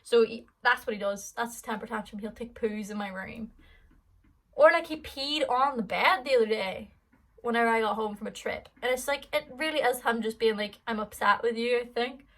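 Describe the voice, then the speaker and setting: A woman's voice: on the high side, moderate pace, low-quality recording. An Irish woman in her twenties answering fan questions in a casual vlog, rambling and chatty with lots of fillers. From Ireland.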